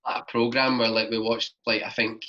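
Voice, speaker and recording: A man's voice: mid-range voice, flat delivery, fairly quick, pushed and bright. A young man from Scotland with a Glaswegian accent, a podcast guest telling travel stories in a rambling, casual way full of "like". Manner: rambling, fills talk with "like". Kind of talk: casual storytelling chat. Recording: dull lo-fi podcast recording.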